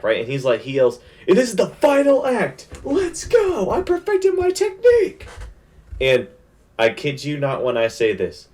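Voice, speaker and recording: A young man recapping an anime in a casual spoiler review, excited and slangy with lots of fillers. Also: mid-range voice.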